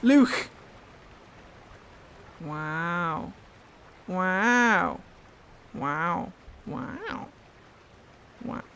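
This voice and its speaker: A woman's voice: on the low side, animated, extremely slow, long pauses, a bit bright, a little hiss or hum. A woman with a Geordie accent from Newcastle, chatting casually while streaming a game, swearing freely and answering chat. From Newcastle, England.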